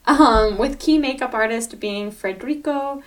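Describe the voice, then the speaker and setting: A woman's voice: a little high, unhurried, far from the mic. A woman co-hosting a podcast in casual chat, enthusiastic and teasing as she talks through a show. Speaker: podcast co-host.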